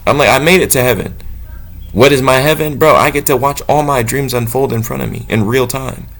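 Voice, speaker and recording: A man gives an unscripted spiritual monologue, cursing freely as he talks. His voice sits in an ordinary middle pitch, dropping low and quiet when he muses and climbing high and loud when he preaches. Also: fairly even intonation, a little fast, vocal fry. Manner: blunt and profane, swinging between low musing and loud preaching. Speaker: motivational talker.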